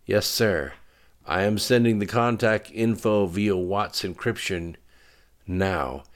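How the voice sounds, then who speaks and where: A man's voice: lowish voice, takes it slowly, pitched above the performer's own voice. A man voicing a polite, dutiful lieutenant reporting to his superior in an audiobook. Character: dutiful young male lieutenant.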